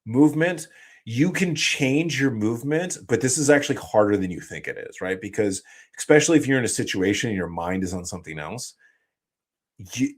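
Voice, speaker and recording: A man's voice: mid-range voice, lively intonation, a little fast. A man hosting a live stream, explaining things in a loose, casual way with many fillers and restarts. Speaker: host.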